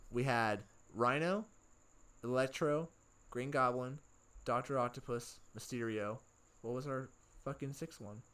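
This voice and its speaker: A man's voice: medium pitch, measured pace, a bit bright, smooth. A man co-hosting a casual pop-culture chat, laid-back and swearing constantly. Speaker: co-host. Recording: voice from a distance off the mic.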